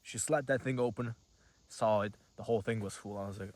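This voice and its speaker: A man's voice: on the low side, fairly even intonation, fairly quick, a little mellow. Rambling 18-year-old guy vlogger. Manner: rambling, heavy use of "like", casual swearing. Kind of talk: casual storytelling to camera.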